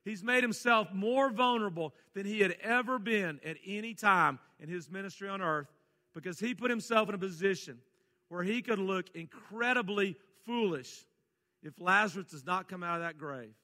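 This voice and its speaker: Folksy preacher in an echoey hall. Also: male voice, high voice, normal speed. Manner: folksy, reads scripture then swings between soft asides and loud emphatic calls. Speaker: pastor. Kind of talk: sermon.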